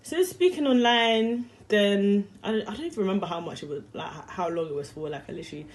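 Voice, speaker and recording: A woman's voice: medium pitch, quick pace. A young woman telling a story to camera in a rambling, slangy, chatty way and laughing easily. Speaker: vlogger.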